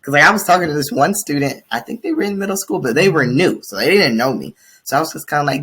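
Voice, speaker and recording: Young guy student teacher on a podcast, husky voice, rambles w lots of likes, pitch goes all over the place. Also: expressive, quick pace, few pauses, a bit bright. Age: young adult. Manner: rambling, many fillers, swoops high for quoted lines. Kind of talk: casual podcast chat.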